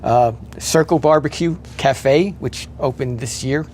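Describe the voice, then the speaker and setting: A man talking in a relaxed local interview, listing event details with many fillers and restarts. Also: mid-range voice, a little slow, a little hiss or hum. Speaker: event organizer guest. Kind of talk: casual interview chat.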